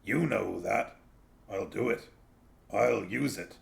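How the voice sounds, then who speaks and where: A man voicing a scruffy, wheezing little male street dog who talks low and gruff. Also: takes it slowly, full character voice. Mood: defiant.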